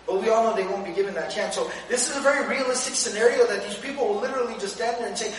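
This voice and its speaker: A man giving a Quran commentary lecture, animated, acting out the voices of the people in the verses. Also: sits high, racing, hardly any pauses, slight background noise. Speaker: Islamic teacher. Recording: echoey hall, speaker far from mic.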